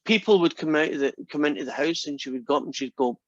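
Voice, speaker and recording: A man's voice: a little high, fast, dry recording. A man, a math instructor, telling a long rambling anecdote to his class. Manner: rambling, animated storyteller. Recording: dull, dry lo-fi classroom recording.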